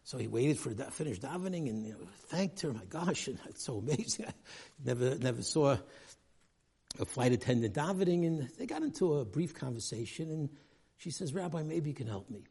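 A man's voice: medium pitch, big pitch swings, fairly quick, creaky, dark tone, slightly rough. A man giving a weekly religious talk, telling a story animatedly and acting out the people in it. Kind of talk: storytelling sermon.

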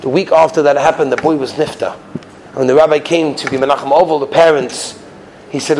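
High-voiced man preaching with emotion. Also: fairly even intonation, fairly quick, a little hiss or hum, low-quality recording. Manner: emotional storytelling, rises high and loud in retold quotes, sinks soft at the close. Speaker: rabbi giving a weekly Torah talk. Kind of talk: sermon.

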